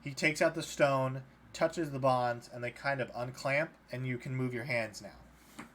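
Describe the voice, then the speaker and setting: A man's voice: mid-range voice, fairly even intonation, measured pace, fairly bright tone. A man running a tabletop game as dungeon master, narrating loosely with many fillers and restarts. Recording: faint background noise.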